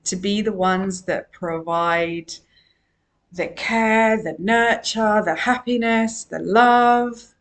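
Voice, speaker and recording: A woman's voice: mid-range voice, slow. Earnest woman coaching on podcast. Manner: earnest, emphatic, repeats key phrases. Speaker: emotional wellbeing coach. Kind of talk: solo podcast monologue.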